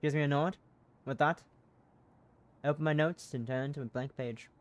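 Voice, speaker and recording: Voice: mid-range voice, fairly even intonation, moderate pace. A streamer narrating a visual novel live, cursing and laughing at their own reading mistakes. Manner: swears freely, laughs at own slips.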